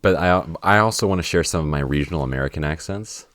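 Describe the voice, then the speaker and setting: A man's voice: extremely low pitch, quick pace, a bit bright, no echo, clean studio sound. A young man hosting a podcast, chatting casually with many fillers and restarts while trying out accent impressions. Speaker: podcast host.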